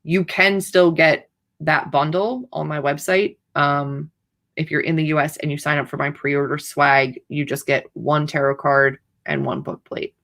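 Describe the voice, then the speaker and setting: A woman's voice: low voice, fairly even intonation, measured pace, a bit bright. A woman author hosting a livestream, chatting casually in a rambling, playfully dramatic way. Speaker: author hosting writing sprints.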